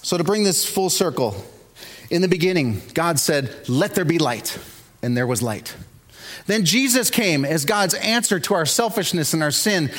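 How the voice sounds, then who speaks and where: A man's voice: fairly high pitch, moderate pace. A man preaching a sermon as pastor, telling stories with rising energy. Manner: animated storytelling, builds to shouts.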